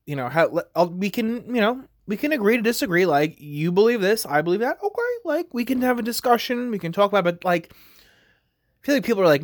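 A man's voice: sits high, big pitch swings, brisk, no echo, clean studio sound. A man hosting a podcast, talking casually on his own in a rambling way, full of fillers. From United States. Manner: rambling, heavy on fillers like "like" and "you know". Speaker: podcast host. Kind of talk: casual solo commentary.

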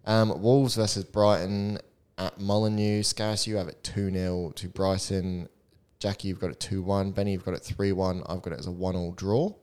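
Low-voiced man hosting a football podcast. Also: normal speed, few pauses, smooth. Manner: runs through predictions in a steady list, blunt and swearing. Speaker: podcast host. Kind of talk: casual football chat with friends.

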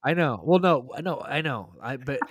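A man's voice: medium pitch, expressive, normal speed, crowd noise. A man co-hosting a casual podcast livestream, rambling and profane, laughing often between his words. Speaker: podcast co-host. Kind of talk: casual chat.

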